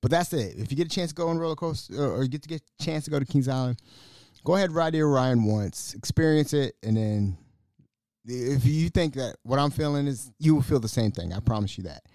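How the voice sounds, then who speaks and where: A man hosting a casual solo podcast, excitable and stumbling over repeated words, his voice a little raspy. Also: medium pitch, fairly quick, no echo, clean studio sound. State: slightly raspy from screaming. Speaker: podcast host.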